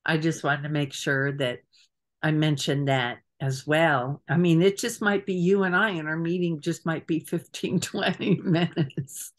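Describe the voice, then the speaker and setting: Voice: medium pitch, fairly even intonation, a little slow. A trip organizer on a video call giving a casual meeting briefing, chatty and hesitant with frequent fillers.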